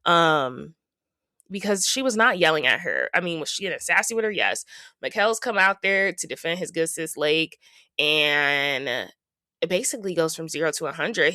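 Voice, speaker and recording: A woman hosting a podcast, recapping reality TV in a chatty, gossipy way and slipping into quick impressions of the people she talks about. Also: deep voice, bright, forceful tone, no echo. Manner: chatty, gossipy, quotes people in playful asides. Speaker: podcast host.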